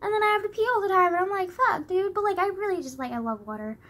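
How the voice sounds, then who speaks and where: Talking quickly in an extremely high, fairly bright voice, a young woman chats to her phone camera from her bedroom. It's a loose, rambling vlog, packed with "like" in almost every phrase and plenty of laughing.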